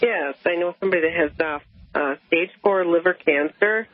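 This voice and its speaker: A woman's voice: on the low side, normal speed, no echo. Chatty woman calling in to radio. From Milwaukee, Wisconsin. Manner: chatty, rambling storyteller. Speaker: caller. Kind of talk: call-in radio talk. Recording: dull radio broadcast sound.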